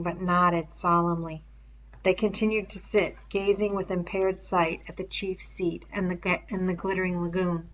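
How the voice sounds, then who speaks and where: A woman reading a novel aloud in slow, measured storytelling. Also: mid-range voice, fairly bright tone, dull audio. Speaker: reader.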